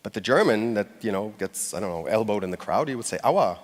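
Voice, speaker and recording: A man's voice: fairly low pitch, expressive, fast. A man giving a conversational talk on stage, speaking directly to a live audience. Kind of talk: conference talk. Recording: long hall reverb.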